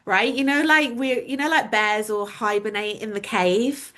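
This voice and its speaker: A woman's voice: a little high, moderate pace, a bit bright. A woman hosting a live awards ceremony, effusive and full of filler words. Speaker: host.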